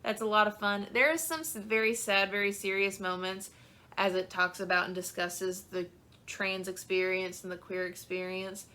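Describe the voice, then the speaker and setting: Woman, young adult, book vlogger, chatty, gushing, bright voice, mid pitch. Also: fairly even intonation, moderate pace. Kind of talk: casual chat.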